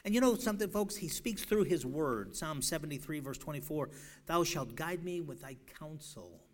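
A male preacher giving an evangelistic sermon in a church, shouting one moment and pleading softly the next, often repeating himself. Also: fairly high pitch, animated, moderate pace. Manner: swings from shouting to hushed, pleading; repeats words and restarts. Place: church sanctuary.

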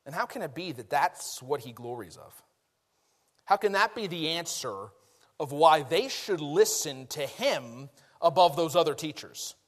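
A man preaching a conversational, folksy sermon, self-deprecating and quick to laugh. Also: a little high.

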